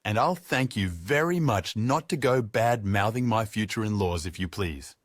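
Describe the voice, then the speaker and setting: A man reading as a pretentious young gentleman in an audiobook. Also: lowish voice, animated, moderate pace, dry recording, studio quality. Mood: indignant. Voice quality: pretentious, prim. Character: pompous young gentleman with a budding mustache.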